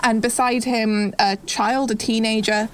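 A woman's voice: fairly high pitch, little pitch movement, unhurried, smooth. A woman narrating a tabletop game as game master, descriptive and rambling with lots of "kind of" and "like".

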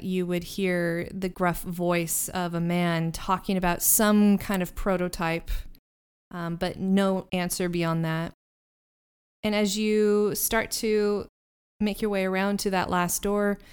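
Game master, woman, smooth clear voice, descriptive narration with frequent laughs. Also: fairly low pitch.

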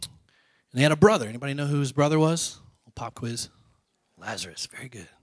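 A male pastor giving a conversational sermon, asking the congregation questions and dropping to soft, quiet lines. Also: mid-range voice, animated, brisk, no room sound.

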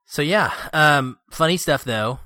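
A man in his thirties hosting a podcast, chatting casually and excitedly about a film with fillers. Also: on the high side, measured pace, no room sound, clean studio sound. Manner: animated, excitable storytelling with filler words. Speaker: podcast host. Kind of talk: casual movie review chat.

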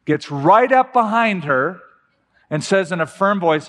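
A middle-aged man preaching a sermon as a pastor, telling stories with slow, emphatic pauses. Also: high voice, a bit bright. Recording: long hall reverb with faint music.

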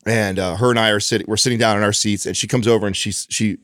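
A man co-hosting a podcast, telling a lively, profane anecdote in casual chat. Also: on the low side, quick pace, no echo, clean studio sound. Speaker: podcast co-host.

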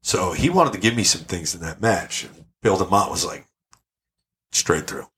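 A man's voice: low-pitched, normal speed. A man guest on a podcast, telling brash, profane stories in casual chat. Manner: brash, profane, animated storyteller. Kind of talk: casual storytelling.

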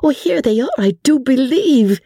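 A woman voicing an eager young barmaid at an inn, speaking brightly. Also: fairly low pitch, lively intonation, moderate pace, no echo, studio quality, voice pushed up.

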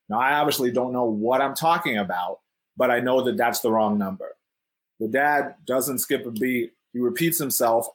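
A man's voice: medium pitch, breathy edge. A man telling a story from his childhood in a casual way. He acts out the people in it, laughs often and fills his talk with "like" and "right?".

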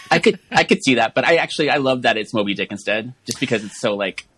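Male guest, rapid talker, filler-heavy, mid pitch, dry close sound. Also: expressive, fairly bright tone, husky, no room sound. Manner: quick, with many "you know" fillers. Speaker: podcast guest. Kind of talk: casual chat.

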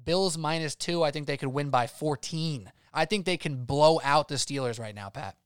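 A man's voice: fairly high pitch, smooth, dry recording, studio quality. A man co-hosting a sports betting podcast, rattling off emphatic opinions in casual chat. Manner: emphatic, rapid-fire opinions.

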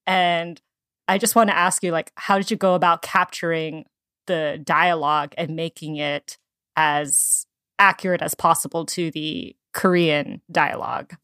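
Woman interviewer, low voice, dry close mic, thoughtful questions. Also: steady tone, bright, forceful tone, clear, resonant tone, no echo. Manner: thoughtful, measured questions with fillers. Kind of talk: casual interview conversation.

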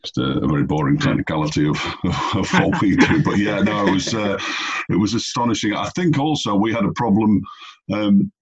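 A man's voice: lowish voice, a little fast, a loud crowd. A man, a radio cricket commentator chatting on a podcast in a wry, self-deprecating way. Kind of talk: casual podcast chat. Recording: dull lo-fi audio.

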